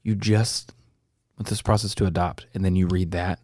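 A man co-hosting a podcast, chatting casually with quick remarks and reactions. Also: sits low, steady tone, a little mellow, no room sound, clean studio sound. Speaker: podcast co-host. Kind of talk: casual chat.

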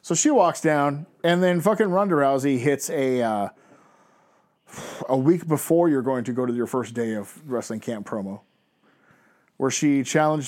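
A man's voice: mid-range voice, normal speed, darkish tone. A man in his thirties ranting sarcastically and profanely in a casual podcast chat. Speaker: podcast co-host. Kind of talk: casual chat, wrestling recap.

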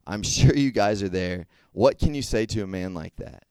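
A man's voice: fairly low pitch, normal speed, a little mellow, clean tone, no room sound. A young man giving a casual sermon to a group, talking conversationally and checking in with frequent questions. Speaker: youth speaker.

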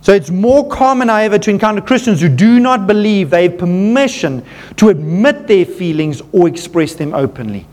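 Speaking at a normal speed, this man delivers his sermon as pastor with earnest animation. He addresses the congregation as "folks" and goes low and quiet when things turn tender.

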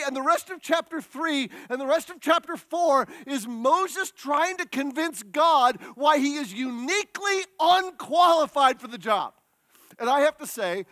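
A man preaching a sermon in a lively, humorous storytelling way with quick restarts. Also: very high-pitched, no room sound, clean studio sound.

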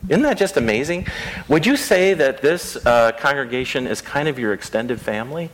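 In a rural church, a male pastor delivers a children's sermon, chatting conversationally and putting simple questions to the kids. His medium-pitched voice is expressive and slightly bright, at a normal speed, on a rough recording.

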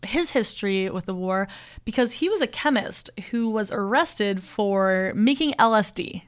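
A woman's voice: medium pitch, lively intonation, measured pace, clear, resonant tone. A young woman in casual conversation, animatedly retelling a film plot with lots of "like" fillers. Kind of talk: casual film recap chat.

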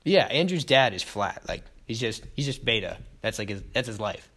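Lively young man chatting about a film. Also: lowish voice, moderate pace. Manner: lively, acts out movie quotes in voices. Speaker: podcast co-host. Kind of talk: casual film discussion.

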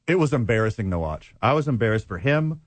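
A man co-hosting a sports radio show, talking in sarcastic, deadpan banter. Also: mid-range voice, fast, no echo. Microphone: studio microphone.

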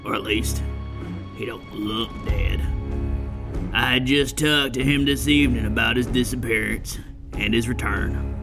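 A man's voice: mid-range voice, unhurried, vocal fry, over music. A man playing a weary folksy frontier man. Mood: grave. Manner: folksy drawl. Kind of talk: tabletop role-play.

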